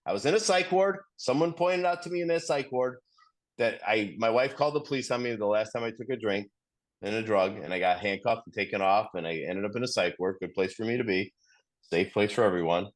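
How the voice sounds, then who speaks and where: A man's voice: fairly low pitch, a little fast. A middle-aged man sharing earnestly in a recovery study group, often repeating himself and restarting sentences as he tells a story.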